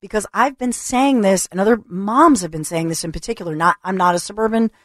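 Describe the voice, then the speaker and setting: A woman's voice: mid-range voice, fairly quick, dry recording, clean studio sound. A woman hosting a talk radio show, talking in a chatty, reassuring way with frequent restarts. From Philadelphia area. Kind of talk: casual talk radio monologue. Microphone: studio microphone.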